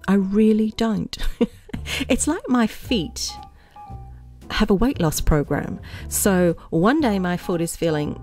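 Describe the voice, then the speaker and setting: A woman's voice: medium pitch, slow, dark tone, faint music behind. A middle-aged woman vlogger chatting casually in a rambling, playful way and laughing often at her own jokes.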